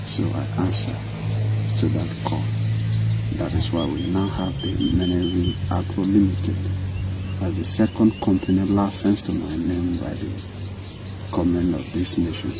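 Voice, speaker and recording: A man's voice: low voice, fairly even intonation, unhurried. A middle-aged Nigerian man, a company head and farmer, speaking earnestly and emphatically with repetitive, speech-like phrasing, outdoors on a farm. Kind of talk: on-site interview monologue. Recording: outdoor noise with passing vehicles.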